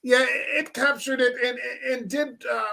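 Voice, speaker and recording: Man, casual podcast host, high voice, bright tone, profane animated storyteller. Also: normal speed, gravelly. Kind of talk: casual chat.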